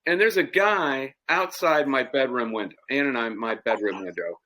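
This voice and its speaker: A man's voice: mid-range voice, moderate pace, sharp tone. A middle-aged man co-hosting a podcast, telling a long anecdote in casual chat and laughing at his own story. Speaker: podcast co-host.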